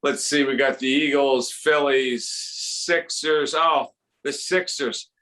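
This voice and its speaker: Bright-voiced Philadelphia comedian. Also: male voice, medium pitch, fairly even intonation. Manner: rambling, jokey, quick impressions. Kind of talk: stand-up comedy at a fundraiser.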